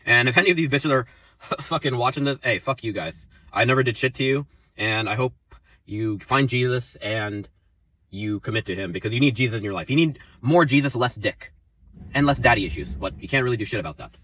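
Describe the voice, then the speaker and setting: A man's voice: mid-range voice, a little fast, a bit bright, no room sound, far from the mic, low-quality recording. A young man venting in a profane, rambling, heated rant about quitting his job, out of breath from talking. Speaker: former coffee shop worker venting. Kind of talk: angry rant to camera.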